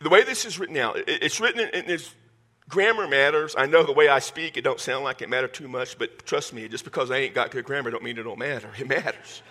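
A man preaching a sermon to his church congregation in a folksy, joking way, with animated delivery. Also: mid-range voice, fast. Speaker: pastor.

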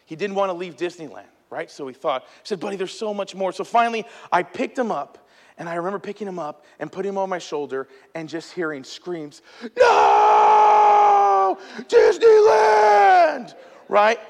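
A man's voice: high-pitched, expressive, fairly quick. A man in his thirties preaching a sermon as a pastor, telling stories in a conversational, emphatic way with asides to the congregation. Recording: echoey hall.

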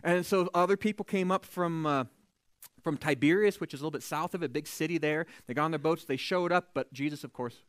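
A man preaching a sermon, retelling a scripture story in a lively, conversational way and acting out the characters' voices. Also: on the high side, a little fast, dry recording.

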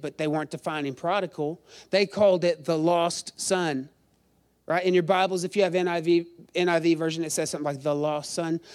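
A middle-aged male pastor preaching a sermon in a chatty, self-deprecating storytelling way, quizzing the congregation. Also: fairly high pitch.

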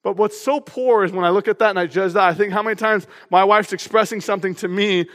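A man preaching a sermon as pastor, energetic and humorous in a conversational way. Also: high voice, fast. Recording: long hall reverb.

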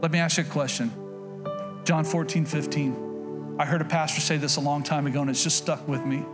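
Folksy preaching man over loud music. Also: a little high, fairly even intonation, a little fast. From Oklahoma. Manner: folksy, conversational preaching with repetitions and acted-out quotes. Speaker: pastor. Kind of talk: sermon.

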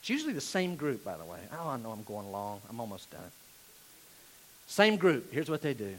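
A man from North Carolina, preaching a sermon emphatically and dropping from loud declarations to hushed asides. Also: mid-range voice, wildly swooping pitch, normal speed, low-quality recording. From Asheville, North Carolina, USA. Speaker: pastor.

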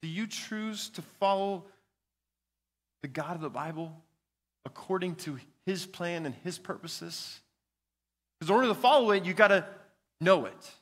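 A young male pastor preaches with an earnest, storytelling delivery. His voice is fairly high and bright, and it rings out with a long reverb through a church sanctuary. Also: unhurried, long pauses. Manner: earnest, storytelling with a child's anecdote. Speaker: student pastor. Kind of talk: sermon. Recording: reverberant hall.

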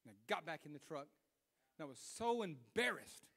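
A young adult man preaching a sermon, telling a personal story in an animated way that swings between hushed self-scolding and loud retelling. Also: a little high, normal speed, big-room sound.

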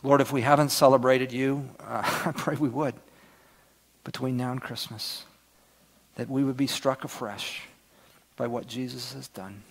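A middle-aged man preaching a sermon as pastor, earnest, swinging from loud emphasis down to near-whispers. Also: mid-range voice, steady tone, unhurried, creaky.

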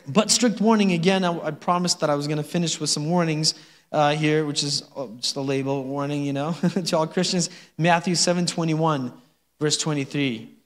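A man's voice: a little high, long reverb tail. A man preaching a conversational sermon as pastor, joking often and checking in with his listeners. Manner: conversational and joking, with frequent laughs and "amen?". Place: church sanctuary.

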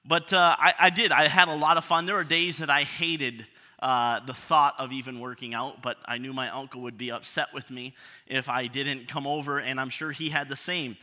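A man's voice: mid-range voice, fairly even intonation, moderate pace, bright, forceful tone. A man in his thirties preaching a sermon, talking in a self-deprecating, conversational way with frequent restarts. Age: 30s. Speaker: pastor. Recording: reverberant hall.

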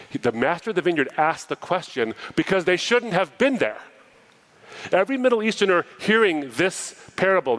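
A man with a slightly high voice delivers a sermon over poor audio, reading a parable in an animated way. He interrupts the scripture now and then with casual asides that explain it.

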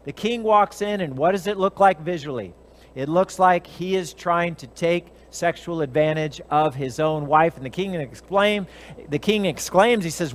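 A man with a notably high voice preaches in a relaxed, conversational way. He retells scripture with animation, slipping briefly into the characters' voices as he goes. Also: moderate pace. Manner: animated storytelling, briefly acting out characters' lines. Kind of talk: conversational Bible teaching.

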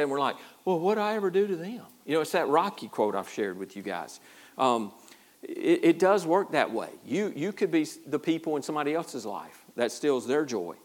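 A man preaching a sermon as pastor, in a folksy, self-deprecating way with a lot of repeated words. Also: a little high. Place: church.

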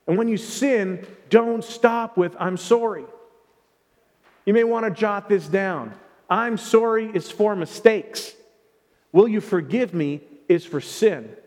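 A man's voice: sits high, slow pace, a little mellow. A male pastor preaching a sermon in a conversational, emphatic way, with playful asides. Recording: long hall reverb.

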